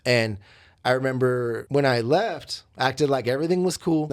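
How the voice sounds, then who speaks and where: A man's voice: medium pitch, moderate pace. A man hosting a podcast, telling his own story in a candid, reflective, confessional way with many fillers. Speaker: podcast host and coach.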